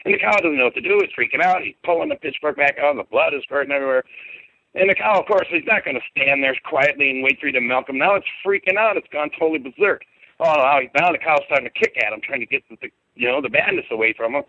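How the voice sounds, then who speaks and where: A man's voice: mid-range voice, fast, no room sound. A middle-aged man, a podcast guest, telling a personal story in a rambling, colloquial and emphatic way over a phone call. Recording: tinny dry phone line.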